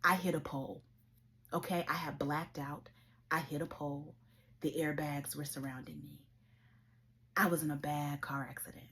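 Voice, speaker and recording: A woman's voice: deep voice, steady tone, normal speed, pauses often, a bit bright. A woman hosting her own show, telling a personal story in an earnest, emotional way. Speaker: show host. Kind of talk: personal testimony vlog.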